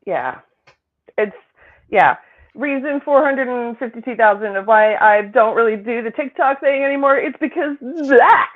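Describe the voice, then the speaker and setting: A woman psychic co-hosting a casual chat, incredulous and rambling, quick to laugh. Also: on the high side, expressive. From Britain. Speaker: psychic co-host. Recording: tinny phone-like line.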